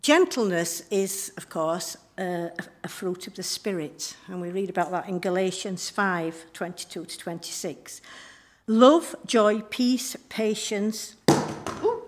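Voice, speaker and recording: A woman giving church notices and a talk during a service, chatty and friendly with frequent ums and throat clearing. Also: medium pitch, unhurried. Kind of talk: church notices and informal sermon.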